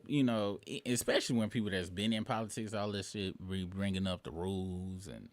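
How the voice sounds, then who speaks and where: A man's voice: deep voice, fairly quick, no room sound. Profane rambling man in his thirties. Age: late 30s. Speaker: show host. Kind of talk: casual commentary monologue.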